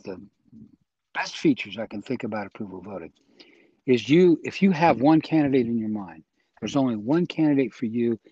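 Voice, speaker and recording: A man's voice: medium pitch, dark tone, slightly rough, dry recording, lo-fi sound. A man interviewed as a guest, earnestly and persuasively explaining his views in a conversational way. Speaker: interview guest, voting reform advocate.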